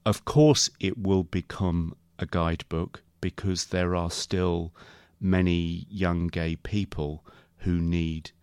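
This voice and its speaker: A middle-aged man, an author and radio guest, talking about his book in a thoughtful, articulate and measured way. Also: sits low, level tone, a little mellow, smooth, no echo, studio quality.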